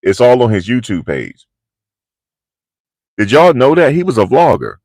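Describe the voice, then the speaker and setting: A man's voice: mid-range voice, huge pitch swings, unhurried, a little mellow, dry recording. A man hosting a livestream, telling stories in casual slang and reading out chat comments. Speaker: livestream host.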